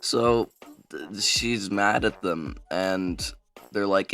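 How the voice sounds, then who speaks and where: A man's voice: sits low, drawn-out words, gravelly, fairly bright tone, soft background music. A man casually retelling a fantasy book, rambling with lots of fillers. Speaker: book summary vlogger.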